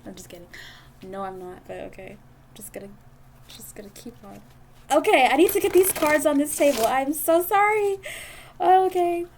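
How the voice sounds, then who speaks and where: A woman's voice: fairly high pitch, background noise. A woman doing a casual tarot reading monologue, giggly and gushing, emotional and swearing freely. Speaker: tarot card reader. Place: indoors at a table.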